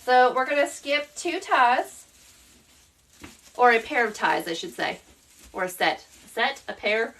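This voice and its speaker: High-voiced Southern woman hosting a craft live. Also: animated, a little slow, pauses often, fairly bright tone, recorded from a distance. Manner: chatty, explains steps while working and answers viewers by name. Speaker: craft shop owner hosting a live tutorial. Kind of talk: live-stream craft tutorial.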